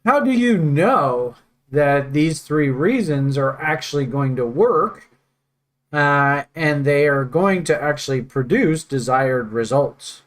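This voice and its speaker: A man's voice: on the high side, expressive, slow. Rambling, jokey male trading instructor. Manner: rambling, jokey, thinks aloud with many fillers. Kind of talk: casual teaching chat.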